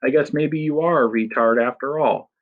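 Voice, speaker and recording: A man's voice: mid-range voice, moderate pace, phone-quality sound, pitched above the performer's own voice, natural voice. A man voicing a big, strong, brutal villain who sneers and threatens. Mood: sneering. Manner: sneering, menacing.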